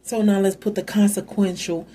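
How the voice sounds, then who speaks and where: A woman's voice: medium pitch, level tone, moderate pace, dark tone, slight background noise. A woman hosting a casual Bible commentary, talking conversationally and adding side notes. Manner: conversational, musing, with asides. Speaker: host.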